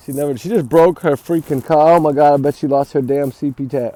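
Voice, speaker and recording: A man's voice: on the high side, steady tone, fast, hardly any pauses, warm tone, no room sound. A man vlogging outdoors on a cold morning, ranting heatedly with swearing and rambling, breaking off to call and scold his dog. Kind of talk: angry ranting vlog.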